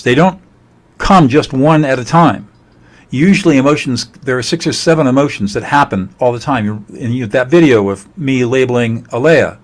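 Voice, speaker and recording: A man presents a leadership webinar in a mid-pitched voice, speaking in an earnest, measured way. When he runs through lists of feelings, his voice goes quiet and slow. It sounds like he is talking into a webinar microphone. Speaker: emotional intelligence trainer.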